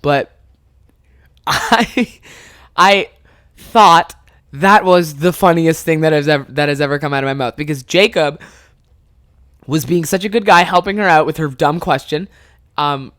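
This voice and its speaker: A man's voice: fairly high pitch, measured pace, long pauses, dry recording, clean studio sound. A young man from Canada hosting a podcast, telling a funny story casually, swearing often and breaking into laughter. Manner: animated, swears a lot, bursts into laughter. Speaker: podcast host.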